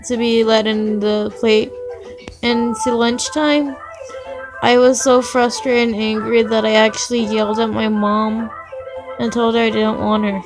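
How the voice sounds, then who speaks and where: A woman's voice: fairly high pitch, flat delivery, unhurried. A woman chatting casually on a livestream while she draws, talking in an earnest, confiding way. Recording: music in the background. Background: music playing.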